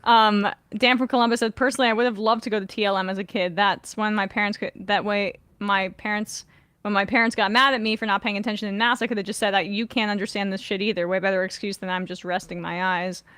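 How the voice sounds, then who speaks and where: A woman's voice: mid-range voice, fairly even intonation, a bit bright, clean tone, no room sound. Woman host, voice slightly worn. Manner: conversational, quick when reading aloud. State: slightly losing her voice. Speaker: podcast host. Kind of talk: casual sports chat, reading listener messages.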